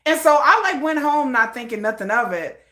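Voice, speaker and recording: Bright high-voiced woman vlogger chatting. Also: fairly quick, echoey room. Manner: chatty, animated retelling with many fillers. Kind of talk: casual storytelling.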